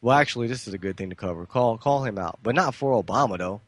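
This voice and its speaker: A man's voice: fairly low pitch, lively intonation, quick pace, no echo. A male talk radio host giving loose, slangy, sarcastic commentary between clips.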